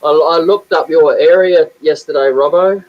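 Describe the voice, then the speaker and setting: A man with a fairly high-pitched voice hosts a casual live stream at normal speed, teasing his guests and laughing often. The audio is dull and lo-fi.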